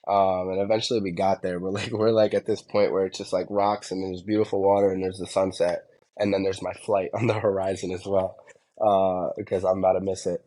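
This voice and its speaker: Podcast guest: man from New Jersey, very low voice, casual rambling storyteller. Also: fairly even intonation, a little fast, a little mellow. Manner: rambling, filler-heavy.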